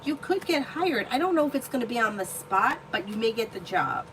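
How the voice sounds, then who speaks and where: A woman's voice: on the high side, very animated, a little fast, background noise. A woman hosting a live tarot stream who chats casually and tells personal stories bluntly, swearing freely. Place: indoor room at home.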